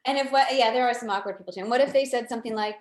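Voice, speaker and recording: A woman's voice: fairly high pitch, rapid-fire. A woman hosting an interview, playful and giggly as she asks what-if questions. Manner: playful, giggly, posing hypothetical scenarios. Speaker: interview host, design professor. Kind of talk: casual interview chat. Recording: echoey room.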